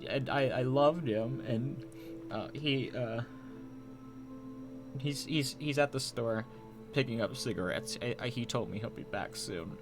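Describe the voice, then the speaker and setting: A man streaming live, rambling through a mock-tearful fake apology in a deadpan, stammering way. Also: mid-range voice. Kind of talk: mock-tearful livestream banter.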